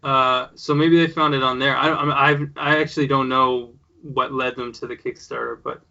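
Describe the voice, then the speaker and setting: Rambling man, bright lo-fi sound. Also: mid-range voice, fairly even intonation, normal speed, vocal fry. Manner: rambling, many fillers and restarts. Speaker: guest, show creator. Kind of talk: casual interview. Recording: dull lo-fi sound.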